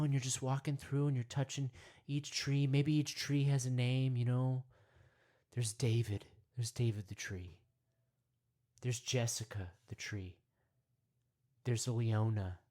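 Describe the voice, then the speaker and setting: Rambling man guiding a mock meditation. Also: medium pitch. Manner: rambling, full of "you know" and "right?"; drops to hushed whispers at times. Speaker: meditation guide. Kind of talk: parody guided meditation.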